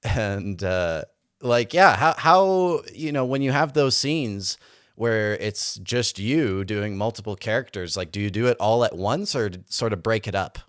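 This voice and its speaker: A man's voice: on the low side, expressive, unhurried, fairly bright tone, clean tone, no room sound, studio quality. A man hosting a casual interview, asking earnest, hesitant questions. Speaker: podcast host.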